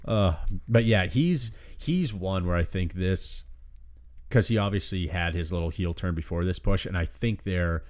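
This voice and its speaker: A man's voice: low-pitched, measured pace, darkish tone. A man co-hosting a wrestling podcast, talking casually, swearing often and rambling with enthusiasm. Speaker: podcast co-host.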